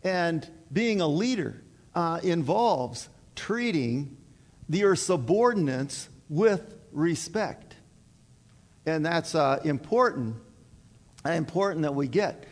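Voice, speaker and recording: A middle-aged man preaching in a folksy, halting way, stopping often on fillers and repeating his words. His voice sits a little high for a man. It rings with the long reverb of a hall. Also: animated. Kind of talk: sermon.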